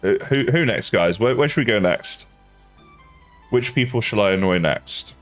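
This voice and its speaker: Chatty low-voiced streamer. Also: male voice, expressive, moderate pace, soft background music. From England. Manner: chatty, self-mocking, laughs often. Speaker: game streamer. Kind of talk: casual live-stream chat while gaming.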